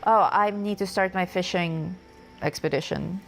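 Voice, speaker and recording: Slow-talking woman with a gravelly voice. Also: on the low side, a little hiss or hum. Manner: relaxed, chimes in with short replies, reads chat. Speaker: co-host of a game stream. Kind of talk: casual gameplay livestream chat.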